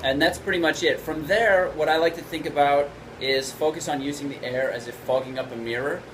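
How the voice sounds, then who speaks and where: A man teaching trumpet basics in a video lesson, explaining in a relaxed way and often checking in with "right?". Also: a little high, fairly quick, over music, rough recording.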